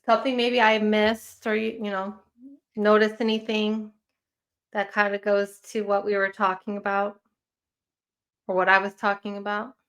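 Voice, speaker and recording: A woman's voice: medium pitch, level tone, normal speed, long pauses, a bit bright. A woman with a Chicago accent hosting a casual livestream chat, rambling and chatty with lots of fillers. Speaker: livestream host.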